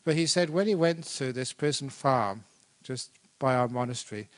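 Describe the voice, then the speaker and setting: A man teaches as a Buddhist monk in a relaxed, conversational dharma talk. He tells stories with animation and briefly puts on other people's voices. His voice sits in a middle register. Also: mid-range voice, moderate pace. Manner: conversational, animated storytelling, acts out quoted voices.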